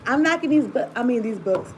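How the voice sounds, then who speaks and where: In a very noisy recording, a high-voiced woman does a casual tarot reading. She rambles, laughs frequently, and keeps turning to the viewer with asides.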